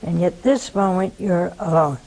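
A woman's voice: moderate pace, creaky, dark tone, rough recording. An older woman with a Southern American accent preaching a sermon, telling a story and asking rhetorical questions. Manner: storytelling, rhetorical questions, pitch swings for emphasis.

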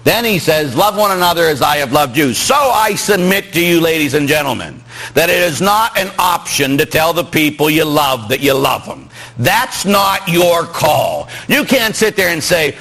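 Middle-aged priest, husky voice, lively swooping delivery, preaching with jokes and questions to the pews. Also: male voice, a little high, normal speed, rough recording. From Pittsburgh. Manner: animated, joking, asks the congregation questions. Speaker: Catholic priest. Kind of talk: sermon.

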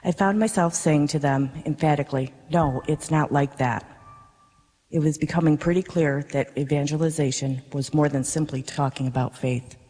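A woman, a parishioner, reading her personal faith testimony to a congregation in an earnest, measured way. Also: deep voice, fairly even intonation, mellow. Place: darkened church worship space. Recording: reverberant worship space.

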